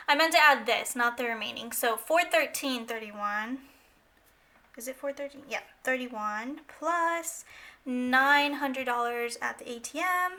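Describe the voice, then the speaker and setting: A woman's voice: a little high, sharp tone. A woman vlogger chatting casually and a bit scatter-brained while she counts cash into budget envelopes.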